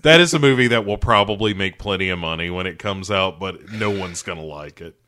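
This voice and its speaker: A man's voice: deep voice, a little fast, pushed and bright. An American man co-hosting a podcast, chatting casually about movies in a rambling, wry way. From United States. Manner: rambling, wry, breaks into laughs. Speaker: podcast co-host.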